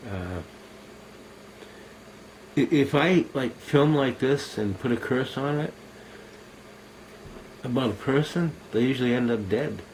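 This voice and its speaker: A man's voice: mid-range voice, takes it slowly, long pauses, a little mellow, a little hiss or hum, low-quality recording. An older man, a military veteran, delivering a bitter, accusing monologue to a camera at home, cursing and swearing.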